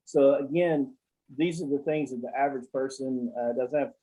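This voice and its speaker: A man's voice: medium pitch, fairly even intonation, moderate pace, dark tone, breathy edge, rough recording. A man who works as an accountant, telling blunt, salty stories in rambling casual talk on a call. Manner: rambling, with many fillers and restarts. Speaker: accountant guest.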